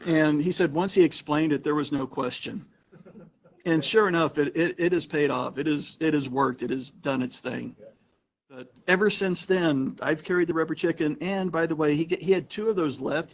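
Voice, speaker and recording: A man with a slightly raised pitch speaks to a small audience in a meeting room. He talks casually and anecdotally, doubling back and restarting sentences as he goes. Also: moderate pace. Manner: chatty, anecdotal, frequent restarts. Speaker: meetup host and presenter. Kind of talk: casual storytelling talk to a small group. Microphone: room recording mic.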